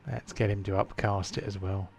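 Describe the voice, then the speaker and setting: A man running a tabletop game as game master, thinking aloud with frequent fillers and halting restarts. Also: on the low side, flat delivery, creaky, darkish tone.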